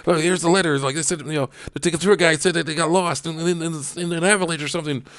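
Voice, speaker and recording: A man's voice: fairly high pitch, steady tone, fast, fairly bright tone, no echo, studio quality, pitched above the performer's own voice. A man voicing an angry teenage girl who scolds her sister in a whiny, exasperated way.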